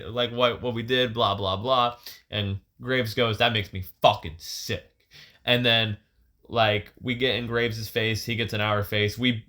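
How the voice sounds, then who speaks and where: A young man co-hosting a podcast, telling a story in casual, profane, animated chat with frequent laughs. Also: mid-range voice. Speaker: podcast co-host. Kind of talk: casual chat, retelling a match.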